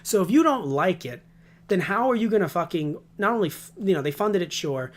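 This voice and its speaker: A man's voice: high voice, expressive, fairly quick. A man co-hosting a casual podcast, rambling and ranting with heavy swearing. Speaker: podcast co-host.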